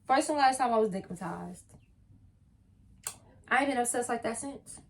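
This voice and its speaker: Blunt, animated young woman telling a story. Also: on the high side, normal speed, vocal fry. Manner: animated, blunt and profane, emphatic. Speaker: vlogger. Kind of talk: casual storytime.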